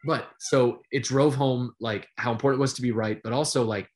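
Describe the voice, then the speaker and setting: A middle-aged man, a sportscaster guest, telling stories in a casual interview, animated and full of fillers. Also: medium pitch, fairly quick. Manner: animated storyteller with many fillers.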